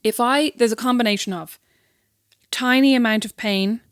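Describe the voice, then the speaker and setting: Her fairly high voice moves at normal speed as she co-hosts a podcast, chatting casually and acting out characters' quotes like an animated storyteller. There's no room sound, just a clean studio recording.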